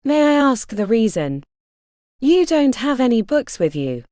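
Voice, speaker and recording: Woman playing mousy shop clerk, hesitant, higher voice, dry sound. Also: very animated, measured pace, warm tone, dry recording.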